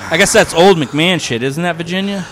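A podcast host chats casually in a slightly high, brisk voice with a crowd audible behind him. He's crude and joking, swears heavily, and laughs often.

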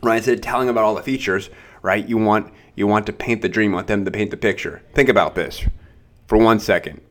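A man's voice: fairly low pitch, fast. A young adult man hosting a casual sales-training podcast, talking loosely and acting out short exchanges with clients. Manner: loose, conversational, acts out short client dialogues.

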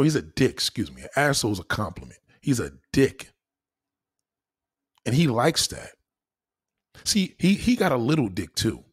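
A man delivering a crude, profane comedic rant to his viewers, swinging between low mutters and loud high exclaims. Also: husky. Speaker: vlogger ranting to camera.

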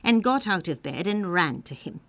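A woman narrating a children's story in a playful, expressive reading. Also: on the low side, normal speed, dry recording.

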